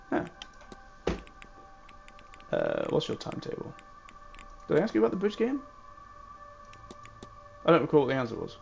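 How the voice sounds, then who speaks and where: A man gives playful, chatty commentary while playing a story game, trying out the characters' accents. His voice is fairly high and sounds dull and lo-fi. Faint music plays behind him. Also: huge pitch swings, moderate pace, vocal fry, long pauses, darkish tone. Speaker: gamer.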